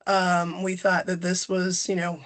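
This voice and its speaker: Middle-aged woman, webinar presenter on a call, nasal cold voice, flat delivery, plenty of ums. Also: lowish voice, unhurried. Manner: casual, with frequent ums and self-corrections. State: congested from a cold, a little nasal. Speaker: presenter, company general manager. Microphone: video call.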